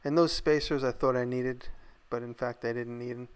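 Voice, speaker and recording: A man talks through his workshop project in a loose, unscripted voice-over. His voice sits at an ordinary middle pitch, and he sounds relaxed and a little tired as he thinks aloud. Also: normal speed, hardly any pauses, smooth. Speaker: maker narrating his build video. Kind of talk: casual voice-over narration.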